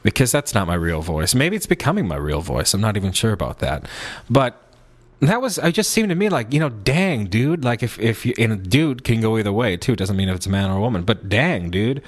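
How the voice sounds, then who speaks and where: A man telling a story in a casual, rambling monologue. He is playful, restarts his sentences often, and sometimes slips into a high, silly put-on voice. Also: sing-song, brisk. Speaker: podcast host.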